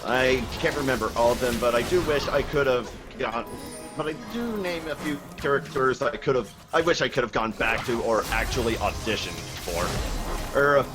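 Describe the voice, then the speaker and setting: A man's voice: mid-range voice, expressive, normal speed, music in the background. A man from Louisiana, a voice actor, reminiscing in a hesitant way with fillers on a group call. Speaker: dub voice actor. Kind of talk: casual group chat.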